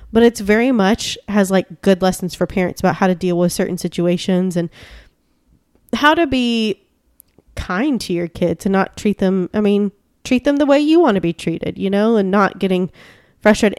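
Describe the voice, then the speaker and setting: Chatty woman gushing away, lots of "like"s, mid pitch, dry close mic. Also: a little mellow, dry recording. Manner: gushing, chatty, full of "like" and restarts. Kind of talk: casual chat.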